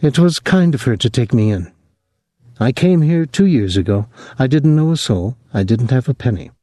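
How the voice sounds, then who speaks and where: Man voicing a soft-spoken French-Canadian maid. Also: no echo, clean studio sound, lightly acted. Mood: calm. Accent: light French-Canadian. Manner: low, even, unhurried. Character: placid young French-Canadian housemaid, woman.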